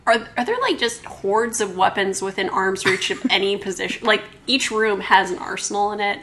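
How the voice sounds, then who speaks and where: Woman on a podcast doing a wry quick recap, soft hiss behind. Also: medium pitch. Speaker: podcast co-host. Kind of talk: casual chat with episode recap.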